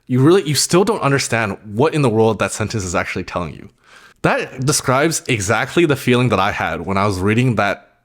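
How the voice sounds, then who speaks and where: A young man casually telling a personal story on his vlog, rambling and filling nearly every phrase with "like". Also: mid-range voice. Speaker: vlogger.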